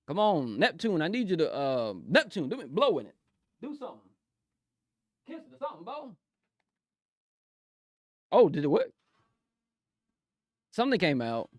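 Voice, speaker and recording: A young man chatting excitedly on a live stream, giggling often and talking in loose slang. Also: a little high, no echo, clean studio sound. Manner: excitable, giggly, slangy, keeps saying "bro". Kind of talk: casual live-stream chat. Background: faint music.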